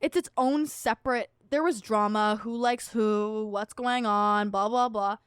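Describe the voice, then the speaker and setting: A young woman co-hosting a podcast, telling stories in a lively, animated way. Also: fairly high pitch, measured pace, clean tone, no echo, studio quality. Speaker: podcast co-host. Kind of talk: casual chat.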